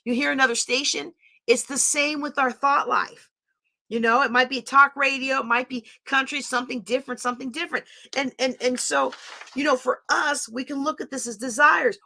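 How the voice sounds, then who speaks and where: A woman, teaching an online class in a chatty, animated way while drawing on a board. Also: high-pitched, gravelly.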